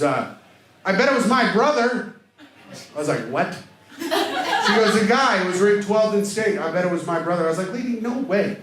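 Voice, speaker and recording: A man in his thirties from Indiana telling self-deprecating stories in a stand-up set, jumping into loud character voices. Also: on the high side, noisy background. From Indiana, USA. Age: 30s. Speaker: stand-up comedian hosting a show. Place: comedy club stage. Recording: very echoey live club recording with audience laughter. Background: crowd laughter.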